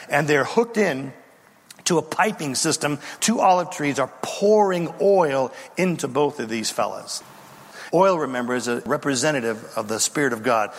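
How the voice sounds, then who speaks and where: A man's voice: mid-range voice, animated, moderate pace, big-room sound. A man preaching a sermon with dramatic storytelling, acting out the voices of biblical figures. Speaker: pastor.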